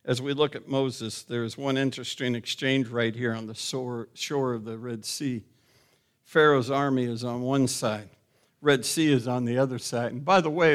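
A middle-aged man preaching a sermon as pastor, asking the congregation questions and rising to loud, emphatic calls. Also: medium pitch.

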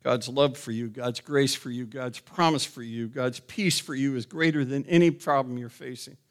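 A middle-aged man preaching a sermon as pastor, asking the congregation questions and rising to loud, emphatic calls. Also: medium pitch, fairly even intonation, moderate pace.

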